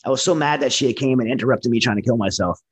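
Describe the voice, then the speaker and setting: A man with a husky, slightly rough voice talks quickly and earnestly, sharing his own story in conversation. He is candid and direct, often doubling back to restart a phrase as he goes. His pitch sits in an ordinary middle range for a man. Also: low-quality recording. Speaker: military veteran guest. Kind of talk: personal testimony in a conversation.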